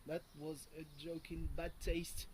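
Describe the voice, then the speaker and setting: A man's voice: fairly high pitch, level tone, unhurried, a little mellow, slight background noise, poor audio. A man, rambling casually and swearing freely while vlogging from home on a hot morning. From France. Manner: rambling and profane, with many fillers and chuckles. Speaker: video blogger.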